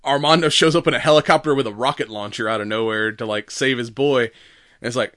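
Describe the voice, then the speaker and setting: A man's voice: mid-range voice, fast, no room sound, studio quality. A man in casual podcast chat, retelling a film with lots of laughter and acted-out quotes. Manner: animated storytelling, acts out quotes, laughs often. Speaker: podcast co-host. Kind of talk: casual movie recap chat.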